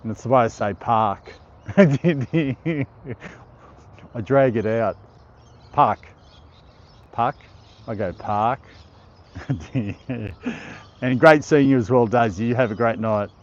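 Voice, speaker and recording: A man's voice: medium pitch, slow, long pauses, highs cut off. A middle-aged Australian man hosting a casual live stream outdoors, reading viewer comments aloud and laughing often. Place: outdoor park.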